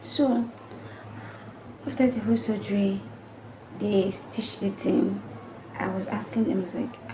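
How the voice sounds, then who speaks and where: A woman's voice: mid-range voice, steady tone, unhurried, pauses often, noisy background. A young adult woman vlogger earnestly retelling a painful personal story to camera, with emotional repetition. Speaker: family vlogger.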